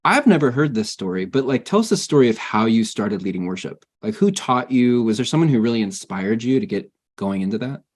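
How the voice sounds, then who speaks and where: A man's voice: mid-range voice, big pitch swings, a little fast, hardly any pauses. A man hosting a casual interview, friendly and self-deprecating as he asks questions. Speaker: interview host.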